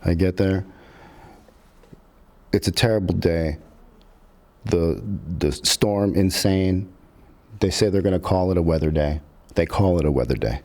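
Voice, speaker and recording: Middle-aged guy telling wild set stories, low voice, swears a lot, acts out the quotes. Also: a little slow, long pauses. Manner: animated and profane, acts out quotes. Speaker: podcast guest, filmmaker. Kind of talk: casual storytelling.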